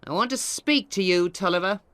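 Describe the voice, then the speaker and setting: A woman's voice: medium pitch, brisk, a bit bright, close to an everyday voice. A woman voicing a scornful middle-aged male lawyer with a cold, contemptuous manner.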